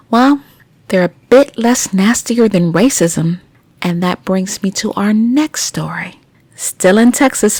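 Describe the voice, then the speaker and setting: A woman's voice: medium pitch, darkish tone, no room sound. A woman hosting a news commentary podcast, reading stories and breaking in with blunt, indignant asides to her listeners. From United States. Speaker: podcast host.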